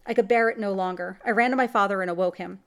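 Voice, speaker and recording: A woman's voice: mid-range voice, fast talker, clean tone. A woman reading a classic gothic horror story aloud in scripted narration, with dramatic delivery. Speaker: story reader.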